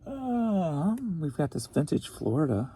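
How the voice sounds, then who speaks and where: Speaking slowly, a man with a warm, rather high and very animated voice recaps his recent eBay sales. The reseller, from the St. Louis area, is goofy and rambling with jokey asides, and there's slight background noise.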